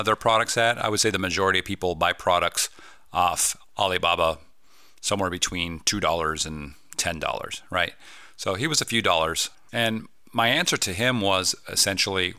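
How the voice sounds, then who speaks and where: A man hosts a casual solo podcast, sounding upbeat and often posing rhetorical questions to listeners. His voice is on the low side, pushed and bright, with a dry, clean studio sound.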